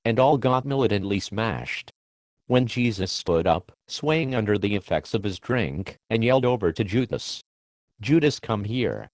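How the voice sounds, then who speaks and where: A man narrating a crude comic parable in a deadpan, mock-biblical manner. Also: fairly low pitch, normal speed, no room sound. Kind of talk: mock-scriptural comic storytelling.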